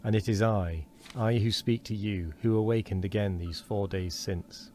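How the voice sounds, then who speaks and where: A bewildered man out of his own time insists on who he is, earnest and then exasperated, voiced by a man reading aloud. His voice is very low. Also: fairly even intonation, normal speed, a little mellow, a little hiss or hum, natural voice. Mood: insistent.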